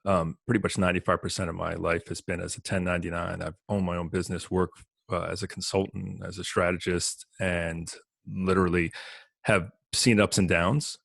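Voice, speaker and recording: A man in his fifties with a New Jersey accent, talking as a guest on an interview podcast in a relaxed, reflective way. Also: sits low, moderate pace, gravelly, dry recording, studio quality. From northern New Jersey. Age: 50s. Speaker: podcast guest, business consultant. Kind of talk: casual interview talk.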